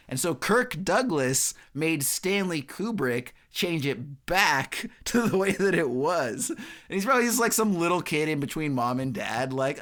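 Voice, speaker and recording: A man co-hosting a film podcast and telling anecdotes in a joking, animated way. His voice is bright and a little high, and it swings widely in pitch. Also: moderate pace. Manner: jokey, animated storyteller. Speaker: podcast co-host. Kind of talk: casual film podcast chat.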